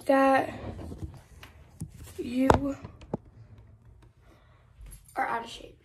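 A teenage girl rambles into her phone camera at home, slow and unhurried, piling on fillers and exaggerated complaints. Her voice sits a little high, and a faint hiss runs underneath. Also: little pitch movement. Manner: rambling, filler-heavy, dramatic about small things. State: out of breath. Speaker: vlogger. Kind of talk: casual vlog chat. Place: home, getting ready.

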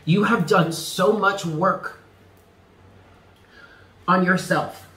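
A man's voice: sits high, steady tone, drawn-out words, bright, forceful tone, echoey room, rough recording. A man giving a tarot reading, speaking earnestly and stressing points by repeating them. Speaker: tarot reader.

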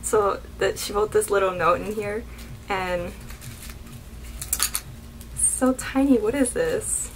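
A young woman vlogging as she unboxes beauty products, gushing and excitable. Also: mid-range voice, unhurried, pauses often, slight background noise, poor audio. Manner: gushing, excitable, keeps saying oh my god. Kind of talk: unboxing vlog.

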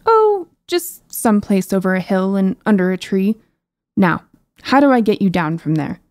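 A woman voicing a carefree young male knight in an audiobook, giving plain, unhurried courtly replies. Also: mid-range voice, big pitch swings, darkish tone, no room sound, close to an everyday voice. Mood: easygoing. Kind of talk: audiobook character voice.

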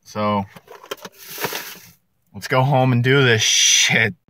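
A man's voice: mid-range voice, steady tone, extremely slow, pushed and bright, slight background noise. A young man vlogging casually from his car, swearing, joking and ranting. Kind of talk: casual vlog talk. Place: car while driving.

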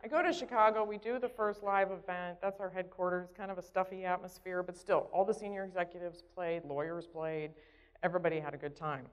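On a conference hall stage, a woman with a lowish, steady voice tells a story briskly, chatty and conversational. She keeps checking in with the audience by asking "right?", and the sound is dull in the reverberant hall.

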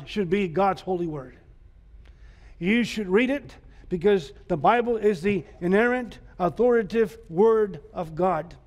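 Repeated rhetorical questions drive this emphatic sermon, delivered by a pastor to his congregation in a church sanctuary. He has a high voice with a little mellowness, heard through church hall reverb.

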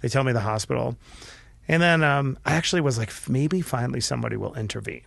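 A middle-aged man, a podcast guest, telling a candid personal story earnestly and with feeling, often restarting his sentences and dropping his voice quietly. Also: mid-range voice, fast, gravelly, no echo. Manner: earnest and emotional, with frequent restarts and quiet dips.

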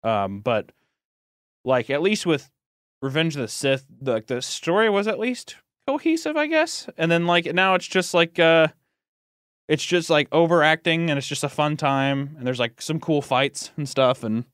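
Lively laughing podcast guy. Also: a little high, normal speed, clean tone, no echo, studio quality. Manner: animated, laughing, mimics film lines. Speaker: podcast co-host. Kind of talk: casual chat.

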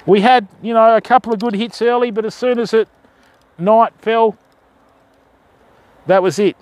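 A man's voice: high-pitched, steady tone, moderate pace. An Australian man live-streaming outdoors at night in the rain, chatting casually with his viewers and calling them fam.

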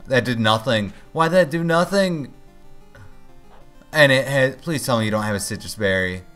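A man's voice: medium pitch, lively intonation, moderate pace, a bit bright, soft background music. A man hosting a let's play, giving casual commentary as he plays and often groaning and pleading at the game.

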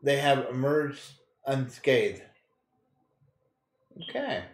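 A man's voice: mid-range voice, animated, extremely slow, echoey room. A man casually commenting on a video game he plays, joking crudely, laughing often and reading game text aloud. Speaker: gaming streamer. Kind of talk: casual let's-play commentary.

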